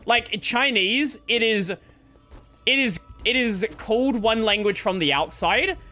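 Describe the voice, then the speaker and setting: A man's voice: high voice, expressive, slow, pushed and bright. A man chatting casually on a gaming live stream. He thinks aloud and rambles, restarting his sentences, with faint game music behind him.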